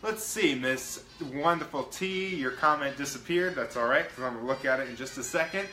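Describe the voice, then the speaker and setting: A man's voice: mid-range voice, moderate pace, pushed and bright, reverberant, faint music behind, poor audio. A man hosting his own live-stream show, chatting casually and greeting viewers by name in an upbeat way. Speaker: livestream show host.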